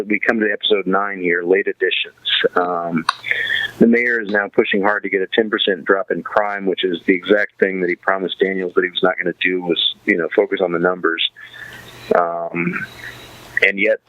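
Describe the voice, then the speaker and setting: A man's voice: low-pitched, no echo, highs cut off. A man hosting a podcast, chatting casually about a TV series and rambling through restarts and fillers. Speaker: podcast host.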